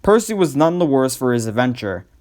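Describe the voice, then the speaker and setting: A man reading a storybook aloud as the narrator, in a measured, even way. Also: medium pitch.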